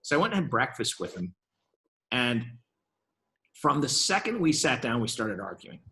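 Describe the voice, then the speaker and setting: Man, fifties, venture capitalist guest, interview storytelling, middle pitch, acts out quoted dialogue, restarts sentences. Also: sing-song, moderate pace, pushed and bright.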